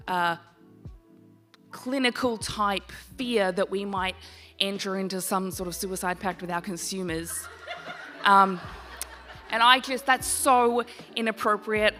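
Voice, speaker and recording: A woman's voice: medium pitch, sharp tone. A woman who works in peer support speaking candidly and wryly to a live audience, laughing at the absurd. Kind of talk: live panel talk.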